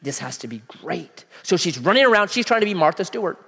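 Animated preacher with a lively voice. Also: male voice, high voice, fast, gravelly, slightly rough. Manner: animated, acts out voices of people in the story; casual slang, asks the audience questions. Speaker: pastor. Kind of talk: sermon. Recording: long hall reverb.

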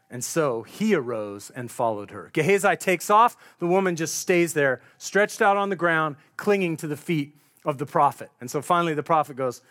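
A man's voice: fairly high pitch, normal speed, fairly bright tone. A man preaching a sermon, retelling a scripture story in a conversational, vivid storytelling way.

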